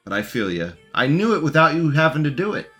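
A man's voice: a little high, very animated, fast talker, sharp tone, faint music behind. A man giving casual, mocking commentary as he reacts to a recorded debate and talks back to it.

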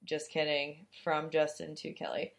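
A woman's voice: sits low, level tone, unhurried, creaky. A young woman co-hosting a podcast, talking casually with lots of swearing, fillers and laughter. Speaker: podcast co-host. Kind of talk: casual chat.

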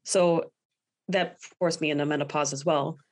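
A woman's voice: sits low, steady tone, normal speed. A woman guest speaking candidly in a podcast interview, often quoting her own past thoughts. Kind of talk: personal interview.

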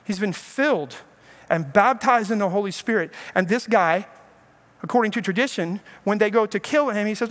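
High-voiced animated male preacher. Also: normal speed. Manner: animated storytelling preacher who acts out quotes. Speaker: pastor. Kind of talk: sermon.

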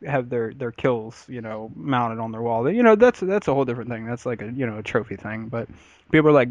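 A man's voice: medium pitch, expressive, a little fast, dry recording, muffled recording. A man co-hosting a casual podcast, laughing often and swearing casually. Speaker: podcast co-host.

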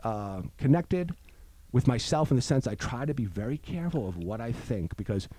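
A man's voice: mid-range voice, normal speed, no room sound. A man in recovery, telling a story in casual chat and acting out the voices of the people in it. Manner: animated storyteller, acts out voices. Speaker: guest in recovery.

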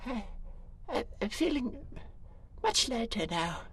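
A man's voice: very high voice, very animated, a little hiss or hum, heavily acted. A man voicing a frail, winded old male retiree who halts and trails off. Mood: weary. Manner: halting, trailing off.

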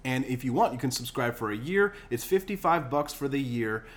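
A man's voice: medium pitch, expressive, brisk. Male podcast host, loose rambling delivery, banters with his co-hosts. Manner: loose, jokey, rambling with fillers. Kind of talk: casual podcast chat.

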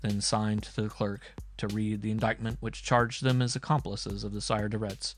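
A man narrating an audiobook in a deliberate, dramatic storytelling manner. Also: fairly low pitch, little pitch movement, slight background noise. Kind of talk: audiobook reading.

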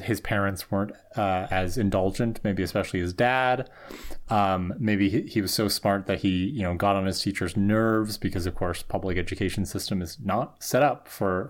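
A man's voice: on the low side, a little mellow. A man co-hosting a podcast, casually analysing characters and thinking aloud with restarts. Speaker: podcast co-host.

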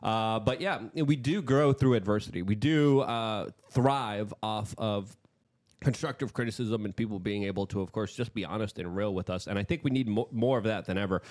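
A man's voice: fairly low pitch, a little mellow. A man hosting a podcast, speaking casually with many fillers and restarts. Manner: halting, filler-heavy, restarts. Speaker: podcast host.

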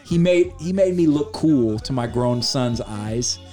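A man's voice: mid-range voice, a little slow, soft background music. Middle-aged man telling a story casually. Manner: lively, profane storyteller. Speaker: podcast co-host.

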